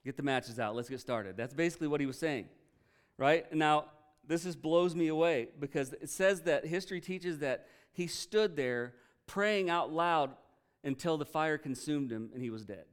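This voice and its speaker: A male pastor preaching a sermon, telling a story earnestly and with feeling, often pausing to react. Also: a little high, clear, resonant tone. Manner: earnest storytelling, emotional, retells quotes with energy.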